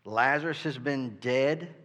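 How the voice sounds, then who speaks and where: Unhurried and mid-range with a slightly bright quality, this man's voice delivers an earnest sermon as a pastor. He trips over how his sentences start and keeps asking "right?", all echoing with long hall reverb.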